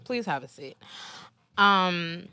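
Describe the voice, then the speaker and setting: A young woman co-hosting a podcast in casual chat, animated and teasing, with lots of ums. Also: lowish voice, takes it slowly, slight background noise. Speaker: podcast co-host.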